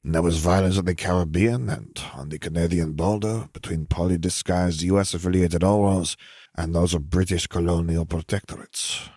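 A weary, stern middle-aged father talks in a fairly low, even voice, as a male reader plays him. The sound is dry and close. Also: moderate pace, dry recording.

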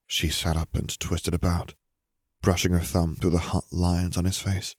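A man narrates an audiobook in a deep, low voice, steady and measured. The recording is dry and close, with no room sound. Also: slightly rough, dry recording.

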